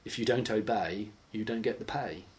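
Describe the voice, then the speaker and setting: A man leading a Bible study, teaching in a conversational, animated way. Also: on the low side, moderate pace. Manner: conversational, animated, acts out imagined voices. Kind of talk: informal teaching sermon.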